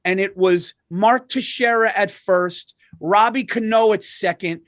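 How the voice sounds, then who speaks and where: A man co-hosting a podcast, telling animated comedic stories with lots of swearing and restarts. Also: high voice, measured pace, dry recording, studio quality. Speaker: podcast co-host. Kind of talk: casual comedic chat.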